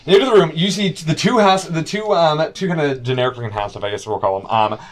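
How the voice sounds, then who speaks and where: A man narrating as game master, halting and restarting often, with sudden shouted character lines. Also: a little high.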